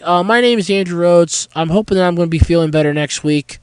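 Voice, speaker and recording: A man hosting a solo podcast, nasal and congested from a head cold, with a sore throat, chatting in a rambling way full of fillers and pauses. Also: high-pitched, darkish tone, clear, resonant tone, dry recording, low-quality recording. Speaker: podcast host. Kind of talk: casual solo podcast talk.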